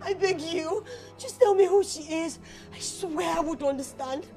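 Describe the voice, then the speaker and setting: A high, slow-spoken young woman with a Nigerian accent, a desperate jilted bride begging her fiancé to explain. Soft music plays under the scene of this film drama. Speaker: actress in a film.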